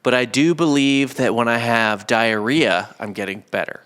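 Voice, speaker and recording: A man riffs crudely through casual podcast banter. His voice sits at a middle pitch and often drops to a mumble at the ends of lines. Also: steady tone, normal speed, a bit bright, smooth. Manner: crude, joking, trails off into mumbles. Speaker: podcast co-host. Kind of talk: casual comedic chat.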